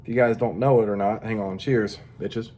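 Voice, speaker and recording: A man's voice: fairly low pitch, steady tone, moderate pace, dark tone, a little hiss or hum. A tired man rambling through a crude, profane casual monologue as a vlogger. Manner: profane, rambling, mock-tough.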